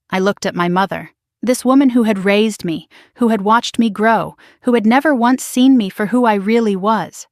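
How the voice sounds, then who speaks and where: A woman narrating a dramatic first-person story in a measured, steady way. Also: medium pitch, dry recording, clean studio sound.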